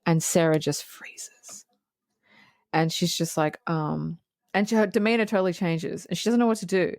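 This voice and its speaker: A woman's voice: on the low side, normal speed, darkish tone, no room sound, clean studio sound. A woman co-hosting a podcast, casually retelling movie scenes with laughs and acted-out quotes. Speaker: podcast co-host. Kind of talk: casual movie review chat.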